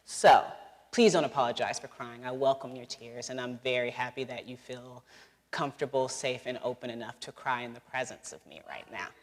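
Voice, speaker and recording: A woman author answering audience questions at a live talk, earnest and quick to laugh, in a large hall. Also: rumbling low. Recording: long hall reverb.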